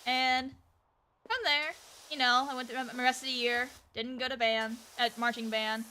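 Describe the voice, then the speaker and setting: Woman, streamer, high voice, bright tone, casual rambling story, lots of fillers. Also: level tone, normal speed, slight background noise. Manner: rambling, full of fillers and restarts; acts out quoted people in the story. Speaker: VTuber streamer. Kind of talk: casual storytelling while gaming.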